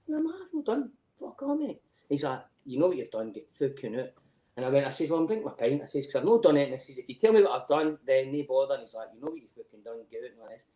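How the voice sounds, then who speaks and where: Here a Scottish podcast guest in middle age spins animated yarns, with plenty of laughter and free swearing throughout the casual conversation. He speaks at medium pitch, and the room sounds roomy.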